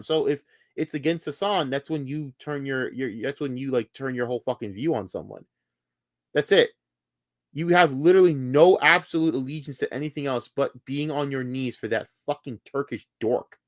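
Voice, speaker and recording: A man's voice: a little high, no room sound, clean studio sound. A man ranting angrily on a live stream, swearing hard and repeating himself when worked up. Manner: heated, profane, repeats words when worked up. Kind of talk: angry live-stream rant.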